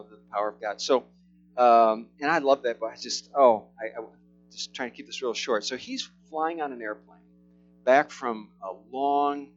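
A middle-aged male pastor tells a sermon story in a loose, rambling way, stopping and restarting often. The recording sounds a little dull. A guitar plays softly behind him. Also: medium pitch. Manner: rambling, halting, many restarts. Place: church service. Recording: slightly muffled with soft guitar.

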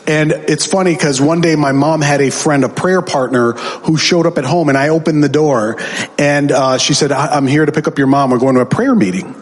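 A man with a fairly high voice preaches his testimony like a story, acting out the people he quotes. He builds to emphatic, ringing peaks. His voice carries a long reverb from a large hall. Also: steady tone, normal speed. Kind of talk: sermon testimony.

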